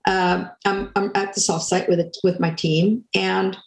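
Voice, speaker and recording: An older woman speaking as a guest, telling a story in a lively way and acting out quoted lines. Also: medium pitch, measured pace, vocal fry, echoey room, faint music behind, low-quality recording. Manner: animated, acts out quotes. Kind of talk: storytelling talk.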